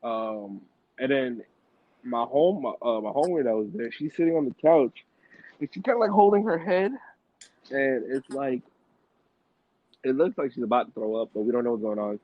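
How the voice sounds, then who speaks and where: A man's voice: medium pitch, no room sound. Male podcast host telling a loose slangy story, tinny dry recording. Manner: rambling, loose slang, many restarts and fillers. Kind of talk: casual storytelling. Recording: dry tinny phone-like audio.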